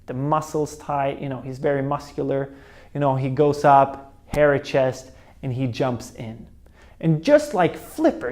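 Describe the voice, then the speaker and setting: In a motivational talk, a young man shares a personal story, acting out voices and sounds along the way. His voice is high-pitched and a little mellow.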